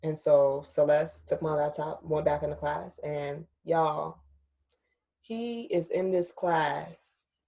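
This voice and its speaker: A woman's voice: low-pitched, fairly even intonation, takes it slowly, vocal fry, warm tone. A young adult woman hosting a podcast, telling a personal story in casual chat, candid and emotional, swearing freely and talking straight to her listeners. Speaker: podcast host.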